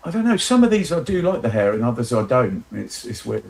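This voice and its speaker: A man's voice: medium pitch, big pitch swings, brisk, gravelly, darkish tone. A man on a livestream panel, speaking hesitantly and unsure of himself in casual chat.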